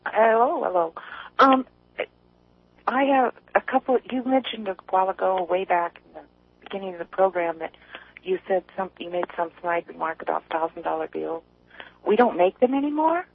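Woman, radio caller, from east tennessee, chatty and rambling, husky voice, tinny phone line. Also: mid-range voice. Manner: chatty, rambling, quick to laugh. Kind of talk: casual call-in chat.

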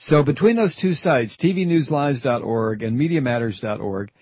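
A man's voice: medium pitch, normal speed, husky, dry recording, dull audio. A middle-aged man hosting a radio talk show, rambling and wry, digressing between topics. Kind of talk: casual talk radio chat. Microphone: studio microphone.

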